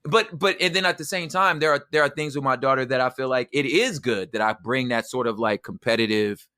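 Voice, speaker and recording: A man's voice: mid-range voice, brisk, bright, forceful tone, no echo, studio quality. A man talking as a podcast guest in casual conversation, emphatic and slangy, often adding "you know what I'm saying".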